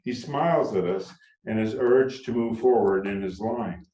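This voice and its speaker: A man, the author, reading his own novel aloud calmly and unhurriedly, with brief asides. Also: lowish voice, a little slow. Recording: roomy, dull sound from far off.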